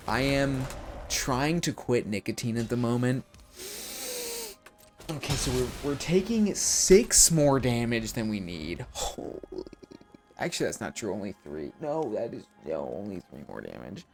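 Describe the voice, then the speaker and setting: Animated man commentating his own gameplay. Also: medium pitch, unhurried, soft background music. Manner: animated, self-mocking, talks to chat. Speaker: streamer.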